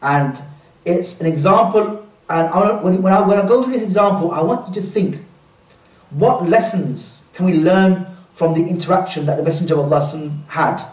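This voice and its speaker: Man, workshop speaker, earnest, quizzes the audience, high voice, echoey room, mic some way off. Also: normal speed, a little mellow, recorded from a distance. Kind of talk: religious workshop talk.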